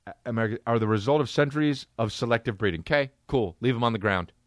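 A man hosting a comedy podcast, ranting in an incredulous, profane, animated way. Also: medium pitch, fast, no echo, studio quality. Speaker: podcast host.

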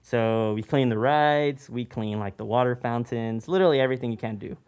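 A man telling a lively, animated workplace ghost story. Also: medium pitch, fairly quick, smooth. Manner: animated, acts out voices in anecdotes. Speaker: podcast guest, former theme park worker. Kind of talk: casual storytelling chat.

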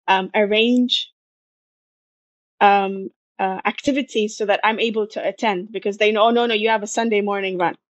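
Animated woman talking emphatically, dry sound. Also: mid-range voice, no room sound. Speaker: podcast guest, marathon runner. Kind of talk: conversational interview.

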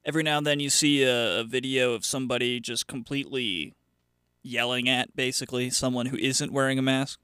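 A male radio host talking off the cuff in a bright, crisp voice, sarcastic and rambling. His speech is full of fillers and restarts. The sound is close and dry. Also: mid-range voice, fairly even intonation, a little fast, dry recording. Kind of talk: casual solo radio monologue.

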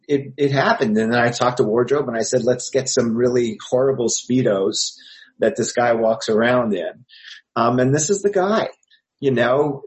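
A man's voice: medium pitch, poor audio. A man from Montreal, an actor, telling rambling anecdotes with many fillers in an interview. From Montreal, Canada. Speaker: actor and filmmaker guest.

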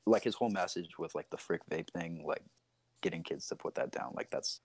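A man's voice: low voice, fairly quick, no room sound. A young American man, a podcast guest, telling stories in a laid-back casual chat. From United States.

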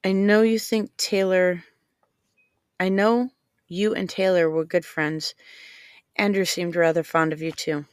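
A woman's voice: lowish voice, fairly even intonation, a little slow, long pauses, clean tone, no room sound, clean studio sound, lightly acted. Woman reading as a blunt, protective spy father. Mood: soft. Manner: blunt, persistent. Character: protective middle-aged father, a spy handler.

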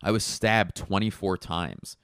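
A man's voice: low-pitched, very animated, measured pace, vocal fry, a bit bright, clean tone, no echo, clean studio sound, pitched above the performer's own voice, heavily acted. A man voicing a friendly male rideshare driver who chats in a matter-of-fact way and overshares.

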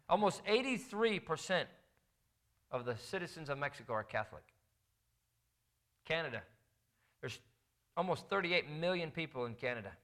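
A middle-aged male pastor preaching with rising, fervent emphasis. His voice is forceful and bright, pitched a bit high for a man. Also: animated, moderate pace. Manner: impassioned, building to fervent emphasis. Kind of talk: sermon.

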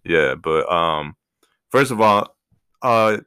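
A man's voice: sits low, lively intonation, slow pace, pushed and bright, clear, resonant tone. A young man co-hosting a podcast in casual, joking chat, with a laid-back manner. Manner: laid-back, joking, says bro a lot. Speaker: podcast co-host.

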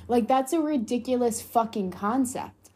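A woman's voice: on the high side, normal speed, warm tone, husky. A young adult woman hosting a motivational solo podcast, talking bluntly and swearing freely for emphasis. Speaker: podcast host.

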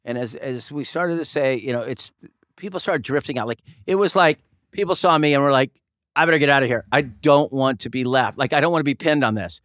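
A man's voice: mid-range voice, brisk, a bit bright, no echo, studio quality. A man telling a story in casual chat, easygoing and wry with loose fillers.

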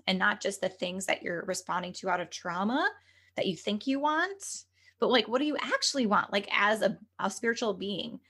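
A woman with a medium-pitched, fairly bright voice appears as a guest on a podcast, speaking as a medium and spiritual coach. In this conversational interview she talks earnestly and chattily, sprinkling in plenty of "like" and "you know."

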